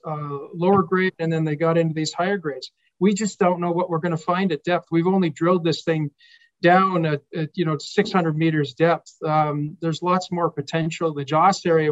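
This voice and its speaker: A man's voice: a little high, fairly even intonation, moderate pace. A man who is a company executive, talking up a project's potential in an upbeat, confident, promotional way. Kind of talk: promotional interview talk. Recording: dull lo-fi audio.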